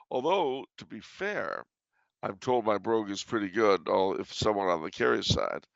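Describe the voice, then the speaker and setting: A man's voice: fairly low pitch, lively intonation, moderate pace, creaky, no room sound, highs cut off. A man chatting casually, spinning stories with chuckles and a playful edge. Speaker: regular guest answering questions. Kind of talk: casual chat.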